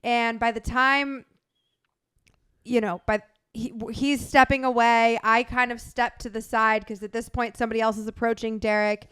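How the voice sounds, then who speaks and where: A young woman co-hosting a casual chat, telling stories in an animated way and laughing often. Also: a little high, normal speed, clear, resonant tone, dry recording, studio quality. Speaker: podcast co-host.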